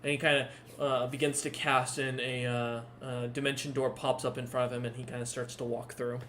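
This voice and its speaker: A man's voice: mid-range voice, level tone, brisk, a bit bright, slight background noise. A man narrating a tabletop game as dungeon master, rambling with lots of fillers. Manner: rambling, many fillers and restarts.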